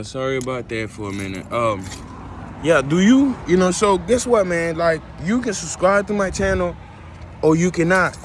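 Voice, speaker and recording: A man in a somewhat higher register rants straight into his phone camera, rambling, repeating himself and firing rhetorical questions at his viewers. Café chatter and passing traffic come through loudly behind him. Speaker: vlogger and musician. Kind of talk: casual rant to camera. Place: coffee shop.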